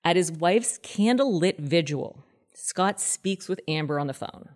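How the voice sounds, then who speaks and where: A woman in her thirties hosting a podcast, telling a true-crime story in a casual, chatty and animated way. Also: measured pace. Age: 30s. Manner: chatty, animated, acts out quoted people in a higher voice. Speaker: podcast host.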